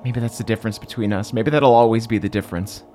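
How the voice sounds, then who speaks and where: A man's voice: lowish voice, steady tone, quick pace, warm tone, soft background music, close to an everyday voice. A man voicing a grieving young man who confronts his father, earnest and hurt.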